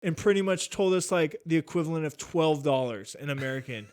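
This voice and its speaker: A young man casually telling a travel story, animated and swearing often, acting out what people said. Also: a little high, brisk, clear, resonant tone. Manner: animated, swears a lot, acts out quotes. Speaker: podcast guest.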